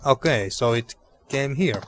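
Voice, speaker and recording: A man casually commenting on an adventure game as he plays, thinking out loud. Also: mid-range voice, animated, a little slow, a little hiss or hum. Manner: rambling, thinking aloud with restarts. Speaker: let's play host. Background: game music.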